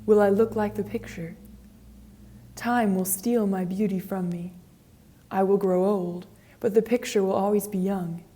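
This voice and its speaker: A woman's voice: mid-range voice, steady tone, measured pace, mellow, natural voice. A woman reading the lines of a vain young man afraid of growing old, in a graded reader audiobook. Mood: anxious. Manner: pleading, emotional outbursts.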